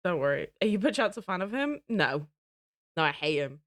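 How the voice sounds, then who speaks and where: A woman streamer chatting casually to her viewers, excitable and giggly. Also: lowish voice, a little fast, no echo, clean studio sound. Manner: excitable, giggly, talks to chat. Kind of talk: casual live-stream chat.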